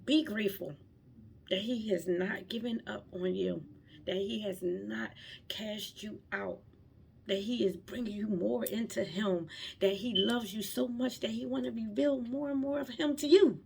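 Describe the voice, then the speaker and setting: A woman's voice: mid-range voice, unhurried, gravelly, slight background noise. A young woman giving an emotional devotional talk, fervent and close to tears, repeating her phrases. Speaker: vlogger sharing faith.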